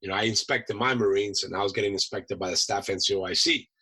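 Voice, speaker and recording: Bright-voiced man telling animated stories. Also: on the low side, fast, breathy edge, rough recording. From United States. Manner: animated storyteller acting out voices, laughs often. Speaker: podcast guest, Marine veteran chef. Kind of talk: casual storytelling.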